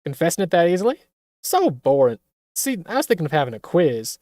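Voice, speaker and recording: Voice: medium pitch, big pitch swings, fairly quick, dark tone, dry recording, clean studio sound, natural voice. A streamer voicing a gleeful, cruel death-game ringmaster in a video game, in a mocking tone. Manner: mocking, taunting.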